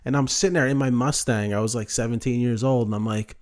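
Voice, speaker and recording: Male podcast host, average-pitched voice, loose rambling profane storytelling. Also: fairly even intonation, fast, a little mellow. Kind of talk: casual chat.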